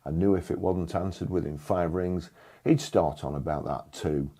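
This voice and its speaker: Older man, deep mellow husky voice, deadpan first-person storyteller from England. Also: normal speed. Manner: dry, blunt, sardonic.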